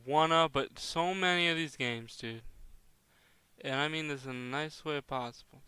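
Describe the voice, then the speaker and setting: A young man with a bright, crisp voice chats through a gaming session. He rambles, breaks into exasperated asides, and keeps the commentary loose and casual. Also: mid-range voice, normal speed. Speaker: gaming YouTuber.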